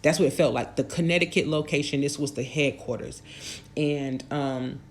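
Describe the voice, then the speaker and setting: A woman's voice: low voice, moderate pace. Woman host, casual storyteller, rambling delivery with frequent fillers. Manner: rambling, full of fillers and restarts. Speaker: channel host.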